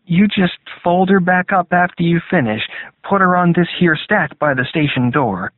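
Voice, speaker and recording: A man doing a high-voiced folksy paperboy. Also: expressive, moderate pace, dry recording. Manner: folksy rural speech. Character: small-town paperboy, polite and eager. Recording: tinny phone-like dry sound.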